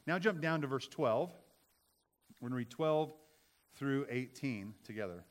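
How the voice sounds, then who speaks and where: A man's voice: mid-range voice, animated, measured pace. A man preaching a sermon in a church, conversational, with many restarts and rhetorical questions. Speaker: pastor. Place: church sanctuary.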